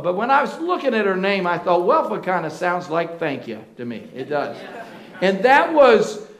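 High-voiced preacher in an echoing sanctuary. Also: male voice. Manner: call-and-response with the congregation; swings between slow shouted emphasis and soft, breathy asides. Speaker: pastor. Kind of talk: sermon. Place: church sanctuary. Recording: roomy echo of a church hall.

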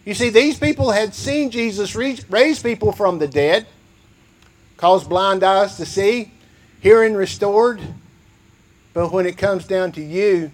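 A man's voice: high-pitched, measured pace. A man preaching a sermon, reading scripture and repeating key phrases for emphasis. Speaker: pastor.

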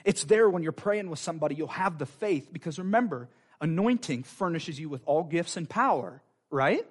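A man preaching a sermon in a fervent, conversational way, with quick asides to the congregation. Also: on the high side, lively intonation, husky.

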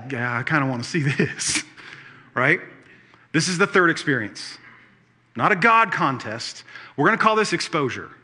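Male preacher, middle-aged, bright ringing tone, animated storyteller with playful jokes. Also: on the high side. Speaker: pastor. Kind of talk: sermon.

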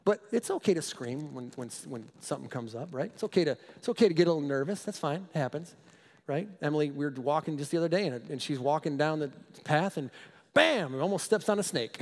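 High-voiced emphatic preacher in a hall. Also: male voice, fairly quick. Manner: emphatic, animated, repeats for stress. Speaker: pastor. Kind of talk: sermon. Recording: long reverb of a large hall.

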